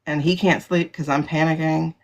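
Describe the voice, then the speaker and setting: A woman's voice: sits low, fairly even intonation, normal speed. A woman hosting a casual livestream, talking bluntly and animatedly, laughing often and swearing freely. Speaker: livestream host. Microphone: phone livestream.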